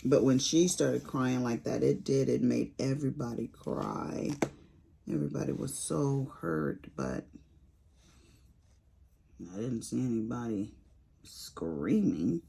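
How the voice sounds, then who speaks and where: Sassy, gravelly-voiced woman chatting slowly. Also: a bass voice, expressive, mellow. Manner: chatty, sassy, rambling storyteller. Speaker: crafting vlogger. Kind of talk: casual chat while diamond painting.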